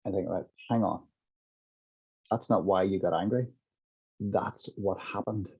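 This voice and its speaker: This middle-aged man, a compassionate inquiry practitioner, speaks as an interview guest in a low, husky voice with a steady tone, at normal speed and with frequent pauses. Reflectively, he explains how a practitioner handles someone's anger, walking through examples with hypothetical dialogue. The audio is dull and lo-fi.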